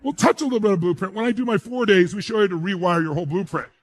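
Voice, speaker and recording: A man's voice: high-pitched, very fast. A man giving a live motivational speech to an audience, emphatic and full of rhetorical questions. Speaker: motivational speaker.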